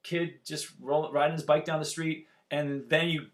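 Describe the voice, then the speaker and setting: A man in his forties tells a long story in a relaxed chat. His voice sits a little high, and he talks in an animated, profane way, slipping into the voices of people he quotes. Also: moderate pace. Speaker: musician guest telling a story.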